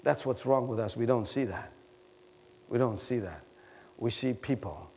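A man preaching a sermon with passion, swinging from loud, urgent pleading to hushed, low tones, and slowing down to stretch out key words. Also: animated, slight background noise.

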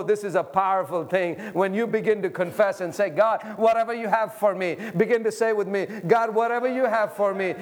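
A man delivering a fervent sermon in a high voice. He drops to a hush and then rises to shouting, and he leads the congregation through prayers line by line. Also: a little fast, few pauses. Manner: swings from hushed to shouting, leads the crowd in repeating prayers; fervent and impassioned. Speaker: pastor.

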